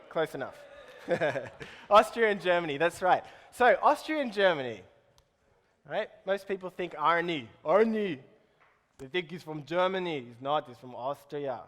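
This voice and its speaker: A man's voice: high-pitched, very animated, moderate pace, fairly bright tone, big-room sound. A man giving a playful live talk to an audience, quizzing them as he goes. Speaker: keynote speaker.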